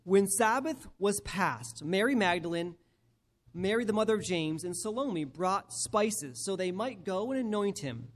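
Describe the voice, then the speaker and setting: A male preacher giving a sermon and reading scripture aloud, emphatic and slowing down to stress key phrases. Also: high voice, lively intonation.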